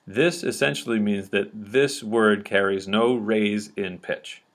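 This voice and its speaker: A man with a somewhat low voice walks through a lesson at a patient pace. He explains each step and keeps checking that his listeners are following along. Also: steady tone, slow pace, fairly bright tone. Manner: patient, checks understanding often with "okay?". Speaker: teacher. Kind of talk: explanatory lecture at a board.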